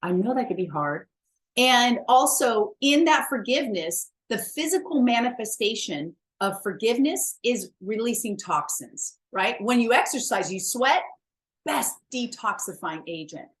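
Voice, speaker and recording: A woman's voice: a little high, big pitch swings, a little slow. Woman coach talking a mile a minute, emphatic and blunt, swears a bit, laughs at herself. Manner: chatty, emphatic, self-mocking, freely cusses. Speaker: wellness coach. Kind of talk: motivational talk to camera.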